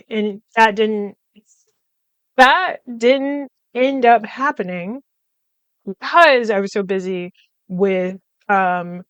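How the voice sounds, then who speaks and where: Young woman host, casual rambling vlog talk, slow and smooth. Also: mid-range voice, dry recording, lo-fi sound. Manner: rambling, chatty, with frequent fillers and laughs. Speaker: podcast host. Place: room at home.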